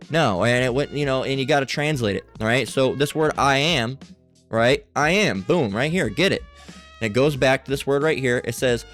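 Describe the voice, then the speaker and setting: A man's voice: medium pitch, moderate pace, a bit bright, soft background music. Emphatic man teaching a Bible study. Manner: emphatic, keeps checking in with "all right?" and "okay?". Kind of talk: screen-share Bible study lesson.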